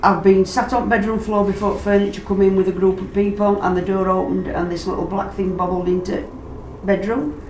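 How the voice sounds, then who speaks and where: Woman, chatty storyteller, mid pitch, roomy distant recording. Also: brisk, few pauses. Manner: animated, acts out quoted voices, dialect grammar. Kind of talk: casual storytelling. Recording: roomy, distant mic, background noise.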